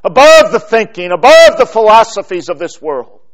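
A man preaching a sermon, emphatic and building through repeated lists, then trailing off softly. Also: high-pitched, sing-song, moderate pace.

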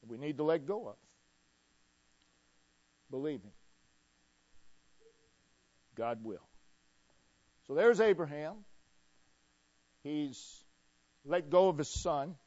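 A male preacher delivers a sermon at an unhurried, deliberate pace. His voice sits a little high for a man, and it swells loud and then drops to a hush around the refrains he keeps repeating. The recording sounds dull and lo-fi. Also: expressive. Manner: emphatic, with swings from loud to hushed and repeated refrains.

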